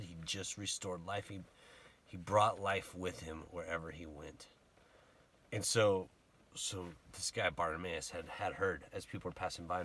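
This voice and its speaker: A man giving a casual sermon, retelling a Bible story in a conversational, animated way and acting out the people in it. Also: deep voice, a little hiss or hum. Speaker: preacher.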